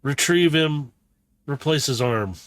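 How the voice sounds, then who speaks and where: A man voicing a cold, detached male robot scientist who mutters slow, deadpan observations at low volume. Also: no echo. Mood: commanding. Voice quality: quiet, deadpan.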